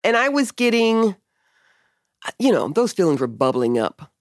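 A woman's voice: medium pitch, very animated, a little slow, no echo, clean studio sound. A woman hosting a podcast, telling a personal story in casual conversation, candid and emotional, swearing often. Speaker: podcast host.

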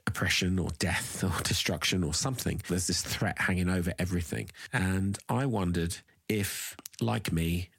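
A middle-aged host with a low, husky voice. He rambles casually and swears without fuss. The sound is dry and close. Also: a bit bright, no room sound. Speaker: podcast host. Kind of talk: casual voice-message chat.

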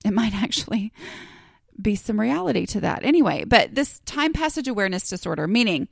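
A woman's voice: medium pitch, very animated, fairly quick, creaky. A woman talks through her own podcast in an easygoing, rambling way, scattering fillers and poking fun at herself. Her voice sits in a middling range. The sound is close and dry, with no room echo. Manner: chatty, rambling, self-deprecating with many fillers. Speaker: podcast host. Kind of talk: casual solo podcast talk.

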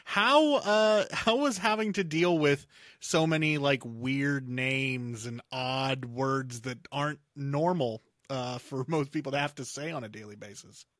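Bright-voiced hesitant male interviewer. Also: medium pitch, unhurried, dry recording, studio quality. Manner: hesitant, with fillers and "like". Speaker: interviewer host. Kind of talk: interview questions.

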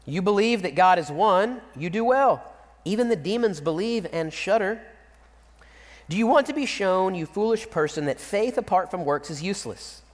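A man preaching a sermon, reading scripture aloud and acting out the quotes with lively emphasis. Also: high-pitched, moderate pace, in a large hall. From Central Texas. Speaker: pastor.

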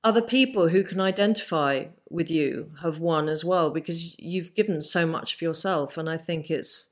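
A woman's voice: low-pitched, moderate pace. Effusive woman interviewer. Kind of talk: casual interview chat.

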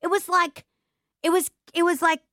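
A young adult woman hosting a casual conversation, animated and acting out the voices of people in her stories. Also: very high-pitched, normal speed, dry recording, clean studio sound. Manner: animated, acts out quoted voices. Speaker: podcast host.

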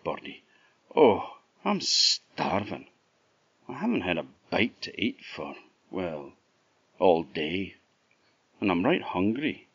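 A man's voice: sits low, fairly bright tone, breathy edge, no echo, muffled recording, heavily acted. A man with an Orkney Scottish accent playing a naive, hungry young man in a folk tale, earnest and wide-eyed. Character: naive young male fool, hungry and amazed.

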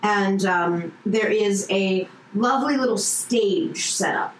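A woman narrates a tabletop game as game master, moving through scenes at an easy, casual pace with many small fillers. Her voice sits at a middle pitch and carries the ring of an echoey room with faint noise behind it. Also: slow.

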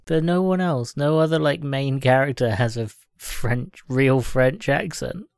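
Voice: mid-range voice, a little slow, a little mellow, clean tone, no room sound. A podcast co-host chatting about a film with wry, dry humour. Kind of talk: casual film chat.

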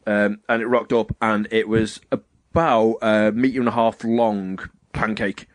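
A man's voice: fairly low pitch, fairly even intonation, measured pace, dry recording. A young man casually telling long, rambling night-out stories on a podcast, full of fillers and imitations of the people in them. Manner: rambling anecdotal storytelling with many fillers, mimics people he quotes. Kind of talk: casual chat.

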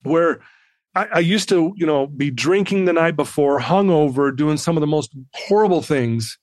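A man in his fifties, a podcast guest telling a personal story in an animated way and acting out the people in it. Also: fairly high pitch, normal speed, no room sound.

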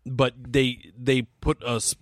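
Excitable, swearing man on a dry mic. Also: medium pitch, slow, dry recording. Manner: excitable, laughs often, swears freely. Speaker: podcast co-host. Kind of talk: casual movie commentary.

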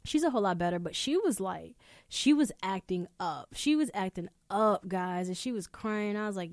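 A young adult woman hosting a podcast, telling stories in casual chat, animated and swearing freely. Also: medium pitch, normal speed, dry recording, clean studio sound. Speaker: podcast host. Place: indoor room.

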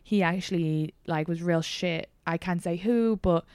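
A woman's voice: fairly low pitch, unhurried, clean tone, no room sound. Irish woman telling a blunt story. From Ireland. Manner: candid, swearing, animated storytelling. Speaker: podcast host. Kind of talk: casual chat.

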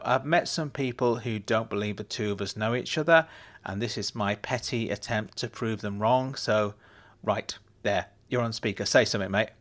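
Male audiobook narrator, middle pitch, dry and wry, conversational first-person telling. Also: a bit bright.

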